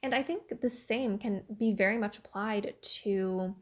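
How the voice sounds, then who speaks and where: A woman's voice: medium pitch, unhurried. A young woman giving a casual motivational talk about mindset and a creative career, talking in a chatty way full of "like" and "you know".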